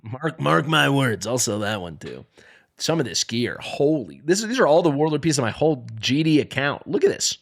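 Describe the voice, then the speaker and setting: A man livestreaming a game, sorting through gear with a joking, exasperated running commentary. His voice sits at a middle pitch but swings widely up and down as he reacts with playful drama. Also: sing-song, normal speed, vocal fry. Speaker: game streamer. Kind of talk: live gameplay commentary.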